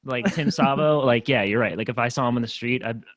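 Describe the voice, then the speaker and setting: A man's voice: mid-range voice, fast, no room sound. A young man co-hosting a casual chat, mocking rap tracks with lots of swearing. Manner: profane, mocking, animated. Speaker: co-host. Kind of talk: casual chat reacting to music.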